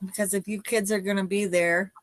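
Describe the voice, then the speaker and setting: A woman's voice: mid-range voice, little pitch movement, fairly quick, no echo. A middle-aged woman co-hosting a casual podcast chat, motherly and teasing. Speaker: podcast co-host.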